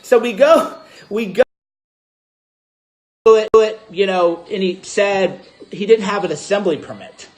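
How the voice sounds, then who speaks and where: A man casually recounting a story to his audience, acting out both sides of an argument with animated delivery. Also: high voice, a little slow, long pauses. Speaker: host.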